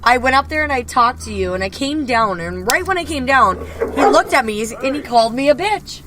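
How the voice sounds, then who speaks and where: A woman's voice: high voice, lively intonation, brisk, background noise. A drunk woman co-hosting a podcast, talking in a brash, profane way. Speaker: podcast co-host. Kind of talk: casual podcast chat. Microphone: spherical USB podcast mic.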